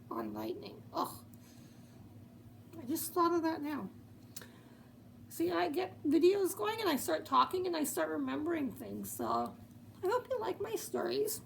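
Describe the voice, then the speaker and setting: A chatty woman vlogger talks to her viewers, her voice high and full of gravelly fry. She takes her time and laughs between thoughts, with faint noise behind her. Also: rough recording. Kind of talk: casual chat to camera.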